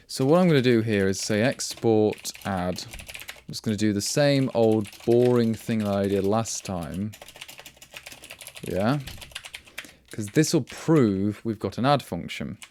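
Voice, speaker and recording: There's a little hiss or hum as a man with a lowish, slightly mellow voice speaks slowly, pausing often, on his casual coding livestream. He's wry and rambling, regularly breaking off mid-word and beginning again.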